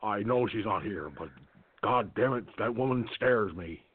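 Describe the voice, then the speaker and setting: A man doing a hoarse, sly ex-president. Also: lowish voice, measured pace, no room sound, voice pushed down. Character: middle-aged male ex-president, hoarse, sly, henpecked. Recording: dry phone line.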